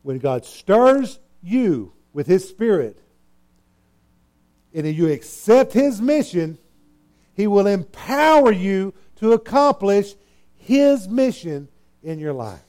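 Earnest preaching man, mellow voice. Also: high-pitched, sing-song, slow pace. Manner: earnest, emphatic preaching with repetitions. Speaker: pastor. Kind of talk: sermon.

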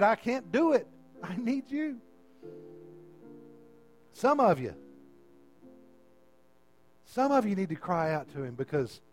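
Pastor guy preaching, kinda high voice, really pleading with folks, soft music under him. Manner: impassioned, pleading with listeners. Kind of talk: sermon. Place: church sanctuary. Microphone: handheld microphone.

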